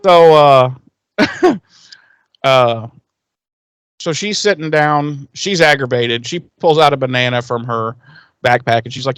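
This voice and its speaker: A man's voice: mid-range voice, measured pace, a bit bright, no echo. A man co-hosting a podcast, casually recapping an episode and acting out the characters' lines in a raised, swearing voice. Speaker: podcast co-host.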